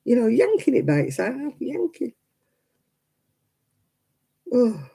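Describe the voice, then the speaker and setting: A woman's voice: a little high, wildly swooping pitch, normal speed, vocal fry, dark tone, slightly rough, low-quality recording. An older woman chatting on her craft livestream, ranting indignantly and rambling with plenty of fillers. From United Kingdom. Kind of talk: casual chat while crafting.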